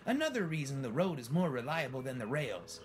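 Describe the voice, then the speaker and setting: A man's voice: mid-range voice, very animated, a little fast, a little hiss or hum, lightly acted. A man voicing a smug, boastful male bus in a storybook.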